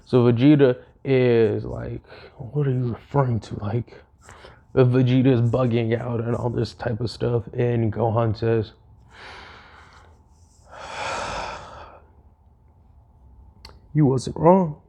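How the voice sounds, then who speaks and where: Young male storyteller, slangy and rambling, dark gravelly voice. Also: mid-range voice, little pitch movement. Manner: rambling, fast, slangy with fillers. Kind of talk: casual retelling of a fan story.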